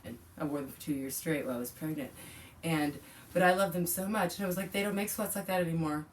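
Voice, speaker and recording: Gushing woman in her forties, low voice. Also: fast, distant mic, slight background noise. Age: 40s. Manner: gushing, exclaims often. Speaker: vlogger. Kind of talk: casual unboxing chat.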